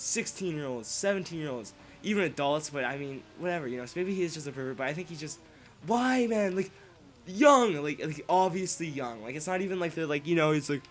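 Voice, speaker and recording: A man's voice: on the high side, slight background noise. Profane rambling young man. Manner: profane, rambling, swings between loud outbursts and muttering. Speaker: vlogger. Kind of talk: casual ranting monologue to camera.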